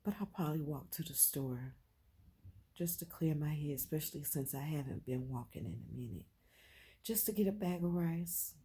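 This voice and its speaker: Moderately paced and heartfelt, a woman with a low, husky voice records an emotional personal vlog. She goes back and forth between quiet and loud, emphatic speech, returning to the same phrases again and again.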